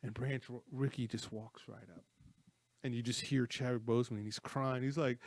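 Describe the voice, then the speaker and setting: A man's voice: medium pitch, normal speed, no room sound. A man co-hosting a casual movie talk show, retelling film scenes with energy. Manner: animated storyteller, retells scenes with acted quotes.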